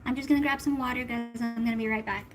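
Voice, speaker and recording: A woman's voice: fairly high pitch, steady tone, fast talker, over loud music, poor audio. A woman from the Philippines, a tarot reader chatting casually with her livestream viewers in a giggly, talkative way.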